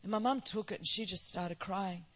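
A woman's voice: medium pitch, moderate pace, a bit bright. An Australian woman in her forties stands before a church and tells her own story as a sermon. She moves from plain storytelling to ringing, emphatic declarations, with a preacher's sense of rhythm. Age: 40s. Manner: storytelling, rising to emphatic proclamation. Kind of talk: sermon testimony.

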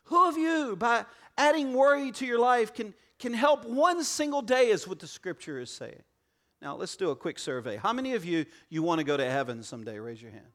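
A male pastor with a notably high voice preaches to a congregation in a church auditorium. He keeps the tone joking and conversational and often turns aside to speak straight to the people in front of him. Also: very animated, a little fast. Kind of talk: sermon.

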